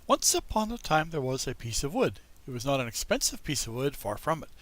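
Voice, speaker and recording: A man narrating a classic children's story in an expressive storybook style, talking to young listeners. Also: mid-range voice, a little fast. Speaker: audiobook reader.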